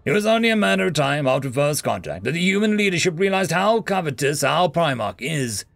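A man's voice: a little high, very animated, normal speed, no echo, faint music behind. A man voicing a proud, scheming female alien podmother who talks in a haughty, hissing way. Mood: scornful.

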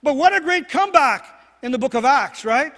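High-voiced pastor preaching in an echoing hall. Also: male voice, lively intonation, fairly quick, pushed and bright. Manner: earnest, repeats phrases, asks "right?" often. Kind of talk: sermon. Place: church sanctuary. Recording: long hall reverb.

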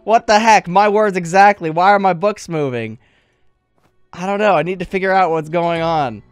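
A man's voice: sits high, moderate pace, smooth, no room sound, soft background music. A man playing a game and reading its text aloud, with jokey asides. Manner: jokey, joking asides and laughter. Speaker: gaming video creator.

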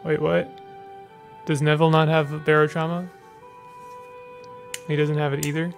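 A man commentating his own gameplay in a loose, chatty way. He jokes around with his viewers, and his voice sits a little high for a man. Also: little pitch movement, normal speed, vocal fry, faint music behind. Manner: joking, playful asides to chat. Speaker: game streamer. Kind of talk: casual gaming commentary.

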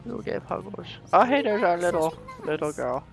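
A man's voice: high-pitched, expressive, normal speed, vocal fry, soft background music. A man giving goofy, rambling commentary over a game he is playing, full of jokey asides. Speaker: let's play gamer. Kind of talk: casual gameplay commentary. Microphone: desktop microphone.

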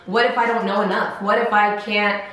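Laughing through tears, a young female vlogger talks casually to her camera in a mid-range, fairly bright voice with a level tone and moderate pace. The room is echoey, and music plays in the background.

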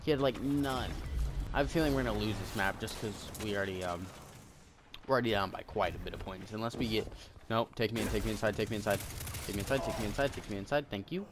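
A man giving chatty, excitable commentary while he plays a game, often breaking into sudden exclamations. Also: lowish voice, fast, background noise. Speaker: gamer. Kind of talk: casual gameplay commentary. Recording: game audio mixed with loud music. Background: game music.

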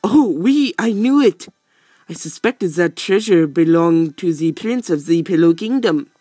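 A man's voice: high voice, animated, a little slow, mellow, slightly rough, no echo, soft background music, exaggerated voice. A man voicing a pompous block creature from a video game with a put-on French accent, flustered and theatrical.

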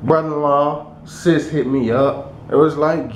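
A young man chatting casually to the camera in his bedroom, animated and slangy, laughing as he tells stories. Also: mid-range voice, a little slow. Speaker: vlogger. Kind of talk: casual vlog chat. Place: bedroom indoors. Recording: echoey room with faint noise.

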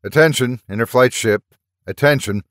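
A man voicing a stern male loudspeaker announcer giving formal orders in a story reading. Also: medium pitch, normal speed, dry recording, studio quality, pitched above the performer's own voice, natural voice.

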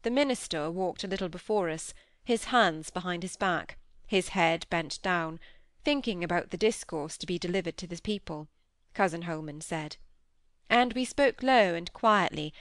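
A woman narrating a classic novel as an audiobook reader, with measured, even reading. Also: lowish voice, no echo, studio quality.

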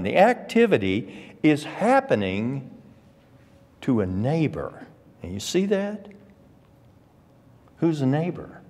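An older man teaching an adult Bible class, deliberate and emphatic, leaning hard on key words. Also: medium pitch, darkish tone. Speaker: Sunday school teacher. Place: church classroom. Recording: long reverb of a church hall.

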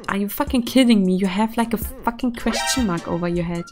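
A young woman from Germany, commenting casually on a game she is playing, excitable and quick to swear and laugh. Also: mid-range voice, over music. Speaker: streamer.

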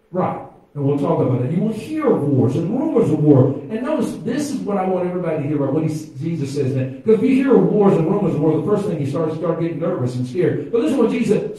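A man preaches to his congregation, his voice running high and mellow. He goes from quiet asides to loud exclamations and has the crowd answer him back. He sounds far from the mic, with heavy echo off the church walls. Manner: preaching with call-and-response to the congregation. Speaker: pastor. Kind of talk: sermon. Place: church sanctuary.

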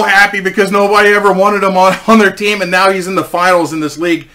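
Forties guy rambling thru a profane story, bright voice, a bit high. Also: brisk. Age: 40s. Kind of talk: casual storytelling.

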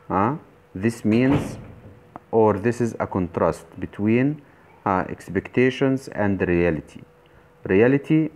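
A man teaching an English grammar lesson at an unhurried pace. His voice sits a little low, and he explains step by step, often stopping to correct himself or reach for the next word. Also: darkish tone, slight background noise. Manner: slow, deliberate explaining with frequent fillers and self-corrections.

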